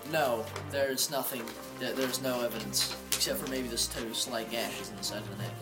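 Grave matter-of-fact guard chief, as the game master puts him on, music behind. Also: male voice, medium pitch, fairly even intonation, normal speed, voice pushed down, lightly acted.

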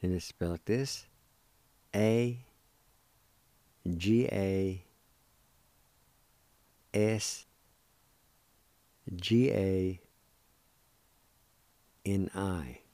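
On a radio show, a language teacher with a Cherokee accent teaches vocabulary, spelling and pronouncing each word slowly and deliberately, drawing out every syllable. His voice is low-pitched and warm, with no echo.

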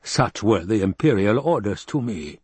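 A man reading an audiobook and voicing a scheming, gluttonous baron, speaking slowly and coldly. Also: very animated, a little mellow, breathy edge, no room sound, full character voice. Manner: slow, low, cold and calculating. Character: scheming, gluttonous male baron, cold and wary.

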